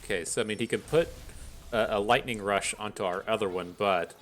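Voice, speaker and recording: A man giving casual commentary on his own card game as a streamer, thinking out loud in an analytical, wry way. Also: fairly low pitch, fairly quick.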